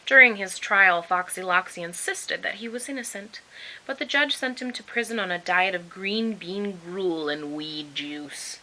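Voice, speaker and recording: A woman reading a children's picture book aloud in an expressive, animated way. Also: mid-range voice, unhurried, a little hiss or hum, low-quality recording. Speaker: storybook reader.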